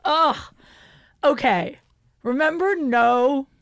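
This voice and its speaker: A woman's voice: high-pitched, very slow, dry recording, clean studio sound. A woman hosting a podcast, chatting casually with a candid, confessional manner and some swearing. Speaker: podcast host.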